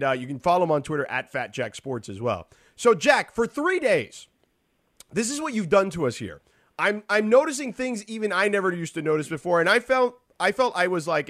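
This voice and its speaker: A man hosting a sports talk show, chatting casually with quick, animated asides. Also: on the high side, no echo, clean studio sound.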